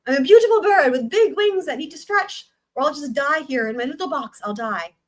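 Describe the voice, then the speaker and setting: A woman's voice: sits high, animated, a little fast, pitched above the performer's own voice. A woman voicing a theatrical eighteen-year-old girl with a melodramatic, grandiose manner. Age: young adult.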